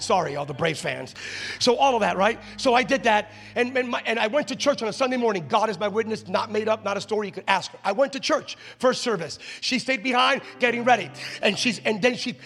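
A male preacher delivering a sermon to a live congregation, moving from quiet storytelling to shouted exhortation and calling out to the crowd. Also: sits high. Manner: calls out to the congregation. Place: church stage before a live congregation.

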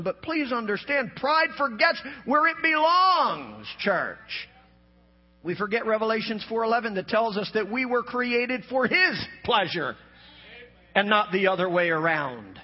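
High-voiced preaching man, husky, lo-fi. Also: sing-song, unhurried. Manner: preaching with rising shouts and dropping to low emphatic asides. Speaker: pastor. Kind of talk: sermon.

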